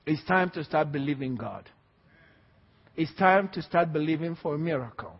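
A man's voice: a little high, expressive, normal speed, breathy edge. A man preaching a sermon with emphatic repetition and call-and-response to the congregation. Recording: dull, echoey hall recording.

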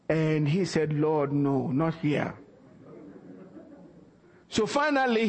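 A man preaching a sermon, telling a story and acting out the dialogue with lively energy. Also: high-pitched. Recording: long reverb of a large hall.

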